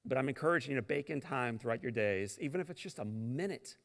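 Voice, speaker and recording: A middle-aged man from St. Louis giving a motivational keynote, telling his story dramatically and moving between booming lines and near-whispers. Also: lively intonation, fast, gravelly, few pauses. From St. Louis, Missouri. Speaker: keynote speaker. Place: large conference hall. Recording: long hall reverb.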